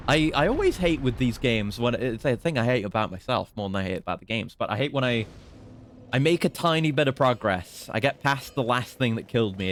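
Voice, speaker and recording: A young British man giving casual, chatty commentary while streaming a game, swearing and teasing enemies. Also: fairly low pitch. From Britain.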